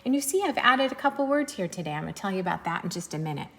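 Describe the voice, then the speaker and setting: Spelling each word slowly and clearly, a woman teacher leads young children through a recorded sight-word lesson. Her mid-range voice is fairly bright and has a playful, sing-song quality.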